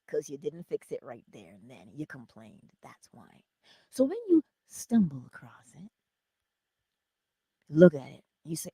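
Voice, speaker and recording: A woman hosting a morning inspiration livestream, teaching viewers in an animated way, often dropping into whispered asides and talking straight to her audience. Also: low voice, unhurried, breathy edge, no echo. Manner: speaks straight to the viewers, answers chat comments. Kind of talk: live-streamed inspirational teaching.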